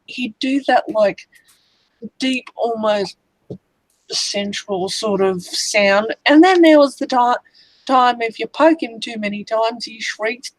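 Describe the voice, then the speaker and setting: A woman chatting on a livestream, talking as an enthusiastic fan in an unhurried, thoughtful way. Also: on the high side, no echo, rough recording. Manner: slow, enthusiastic fan talk. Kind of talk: casual chat on a livestream.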